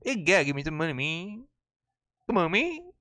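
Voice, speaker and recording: A man's voice: extremely high pitch, fast, fairly bright tone, pitched above the performer's own voice. A man voicing a pushy street panhandler who keeps insisting on money. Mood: pleading. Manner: insistent, repeating himself.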